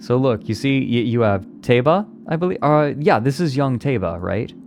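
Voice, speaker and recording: A man's voice: mid-range voice, expressive, normal speed, a little hiss or hum. A man streaming live, chatting casually and playfully with his viewers and answering their comments as he rambles along. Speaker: livestreamer.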